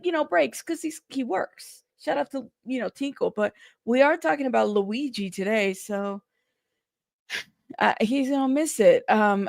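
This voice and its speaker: A woman's voice: a little high, vocal fry, no echo, clean studio sound. A woman hosting a casual news livestream, chatty and greeting her viewers one by one by name.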